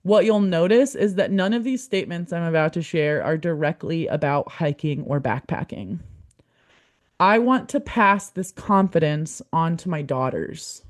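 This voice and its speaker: Female podcast host, young adult, lowish voice, earnest and encouraging delivery. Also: expressive, moderate pace. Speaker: podcast host, community manager. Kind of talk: heartfelt podcast monologue.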